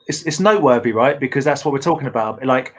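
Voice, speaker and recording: A man in casual chat, teasing his friends and stumbling over repeated words. His voice sits at an ordinary middle pitch. The delivery is loose and jokey. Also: fast. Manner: joking, stammering repeats. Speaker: toy stream co-host.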